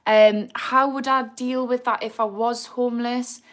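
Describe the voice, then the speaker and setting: A woman's voice: a little high, steady tone, a little slow. Blunt Geordie woman hosting a live Q&A. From Newcastle, England. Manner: blunt, swears freely, answers viewer comments. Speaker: addiction recovery livestream host. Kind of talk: live Q&A chat.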